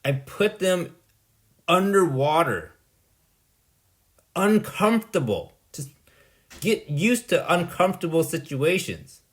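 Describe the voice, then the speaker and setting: A man's voice: on the high side, sing-song, takes it slowly, pauses often. A man delivering a rambling, blunt monologue, dismissive and exasperated, often tagging "right?" onto his points. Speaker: vlogger.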